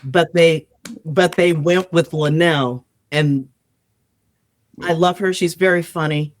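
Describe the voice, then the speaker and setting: A woman, an improv comedian and podcast guest, telling animated, profane stories and acting out the people in them in casual chat. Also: low-pitched, takes it slowly, no room sound. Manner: animated storyteller, acts out quoted voices, swears freely.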